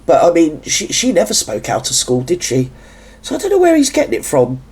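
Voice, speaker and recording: Chatty english guy doing a reaction vid, husky and kinda high voice, catty little jokes. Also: wildly swooping pitch, fairly quick, a little mellow. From England. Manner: camp, gossipy, sarcastic asides. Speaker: reaction video host. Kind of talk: chatty commentary over a clip.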